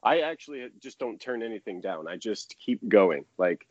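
A chatty man in his thirties with a lowish voice talks in loose, rambling sentences and laughs easily. The sound is dry and close, with no room around it. The audio is a little dull and muffled, like a remote call. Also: expressive, normal speed, a little mellow, dry recording. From United States. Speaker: baseball pitcher, guest. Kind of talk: casual interview chat.

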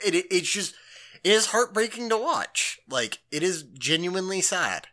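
A man's voice: sits high, normal speed. A man co-hosting a podcast, chatting casually and animatedly with lots of fillers as he recaps a story. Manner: animated, filler-heavy, acts out quotes. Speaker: podcast co-host.

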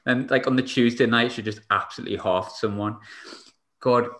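A man's voice: mid-range voice, fairly even intonation, normal speed, a bit bright. A man hosting a casual football podcast, chatting and laughing often. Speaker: podcast host. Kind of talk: casual chat.

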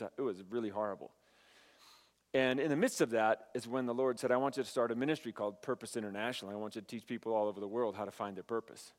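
A man preaching a sermon, telling a story with animated dialogue and asides to his audience. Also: mid-range voice. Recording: hall reverb.

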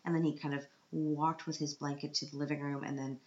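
A woman's voice: low-pitched, little pitch movement, brisk, a little mellow. A woman in her thirties telling a personal vlog story about her child, dramatic and self-mocking, on the verge of tears. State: tearful, on the verge of crying. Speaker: parent vlogger. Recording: roomy, dull lo-fi sound.

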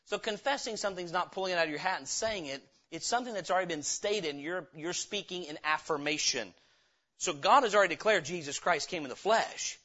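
A man's voice: high-pitched, a little fast, pushed and bright, muffled recording. A male pastor preaching a sermon, emphatic, throwing rhetorical questions at the congregation. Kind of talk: sermon, Bible teaching.

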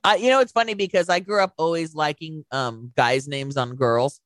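Chatty man with a slightly high voice. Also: normal speed, fairly bright tone, no echo. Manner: chatty, laughs often, jumps between stories. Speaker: podcast co-host. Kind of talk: casual chat.

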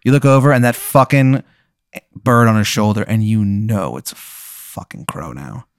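A man's voice: lowish voice, very animated, normal speed, vocal fry, smooth, dry recording, studio quality. A man hosting a comedy talk, improvising a profane, rambling story and narrating it to his guest in the second person. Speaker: host.

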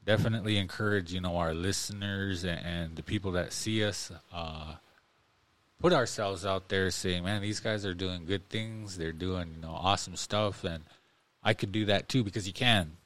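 A man's voice: deep voice, fairly even intonation, normal speed, fairly bright tone. A man co-hosting a podcast in casual chat, rambling with lots of fillers and speaking in an earnest, encouraging way. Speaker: podcast co-host.

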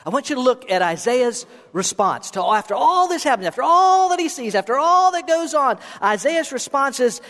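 A man's voice: extremely high pitch, very animated, normal speed, few pauses, a bit bright. A middle-aged man preaching a sermon as pastor, conversational and playful, asking his listeners questions. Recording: reverberant hall sound.

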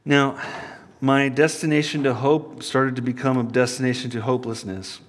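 A male pastor preaching a sermon, telling a personal story and swinging from loud appeals to hushed asides. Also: mid-range voice, steady tone, moderate pace. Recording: long hall reverb.

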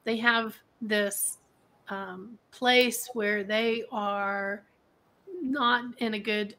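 A woman's voice: medium pitch, steady tone, drawn-out words, sharp tone. A woman coach in a casual chat, explaining her ideas thoughtfully.

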